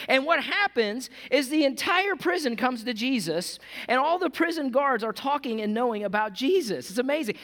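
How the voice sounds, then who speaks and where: A man preaching a sermon as pastor in a casual, conversational way, calling his listeners "gang" and swinging between hushed, earnest passages and loud, animated ones. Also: extremely high pitch, normal speed, few pauses, long reverb tail. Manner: conversational, calls the audience "gang".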